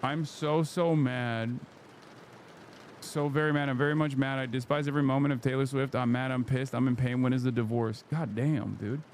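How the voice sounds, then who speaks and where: Sarcastic deadpan male streamer. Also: mid-range voice, normal speed, a little hiss or hum. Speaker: streamer host. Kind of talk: casual livestream commentary.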